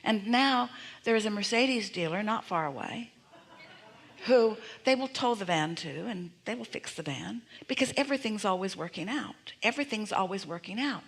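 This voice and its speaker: A woman's voice: on the high side, a bit bright, slightly rough. A woman teaching a live seminar audience, speaking as "we", with emphatic repeated affirmations and frequent rhetorical questions.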